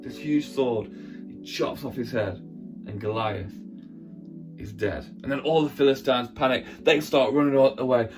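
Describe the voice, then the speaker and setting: Church guy telling a bible story all animated, sound effects and all, soft guitar in the back. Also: mid-range voice, measured pace. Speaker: children's church presenter.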